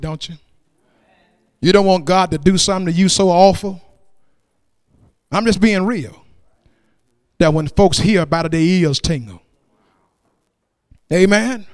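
A man with a very high, smooth, resonant voice preaches a slow, drawn-out sermon in church. His delivery is chanted call-and-response, rising to loud cries and dropping to near hushes. The sound is close and dry. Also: no room sound. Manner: shifts between loud exclamation and hushed tones. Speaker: pastor.

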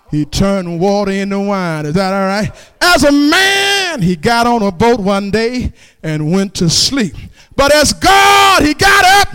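A man with a high, swooping voice that climbs into shouted, chanted refrains. His delivery is slow and drawn out, and the tone is smooth and resonant. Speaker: preacher. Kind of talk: call-and-response sermon.

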